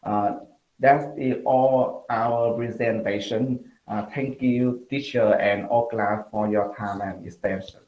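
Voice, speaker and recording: Male student presenter, very slow and halting, roomy echoey sound. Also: lowish voice, fairly even intonation, a little mellow. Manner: halting, many fillers, word restarts. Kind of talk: class presentation.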